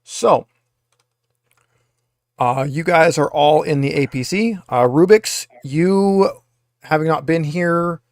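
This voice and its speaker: Game master, male, a touch high voice, dry close sound, loose and rambling delivery. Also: slow pace, pauses often, no room sound. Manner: rambling, many filler uhs. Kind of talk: narrating a tabletop game over a video call.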